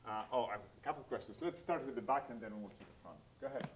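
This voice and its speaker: A man's voice: mid-range voice, animated, rapid-fire. A man moderating the question session after a lecture, polite and restarting his phrasing as he calls on people. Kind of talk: running a lecture Q&A.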